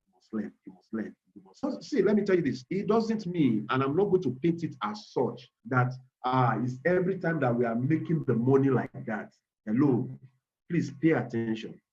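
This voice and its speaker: Emphatic Nigerian man pitching trading. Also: highs cut off. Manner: emphatic, repeats key words, addresses audience as ladies and gentlemen. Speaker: trading instructor. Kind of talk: webinar sales pitch.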